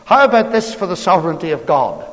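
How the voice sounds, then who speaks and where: A man delivers a storytelling sermon in a chatty, conversational way, repeatedly throwing rhetorical questions at his listeners. His voice is fairly high, a bit bright and sing-song, and he talks fast, with a long reverb from the church hall trailing behind.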